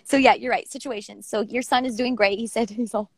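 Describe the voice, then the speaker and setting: A woman's voice: fairly high pitch, steady tone, fairly quick, breathy edge. A woman co-hosting a casual chat, laughing often and swearing freely. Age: adult with a young son. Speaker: co-host of a poetry show.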